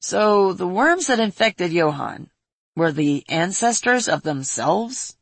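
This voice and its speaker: A woman's voice: lowish voice, sing-song, takes it slowly, creaky, no echo, exaggerated voice. A woman reading a storybook voices a young male hero who speaks in brief, firm statements. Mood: puzzled.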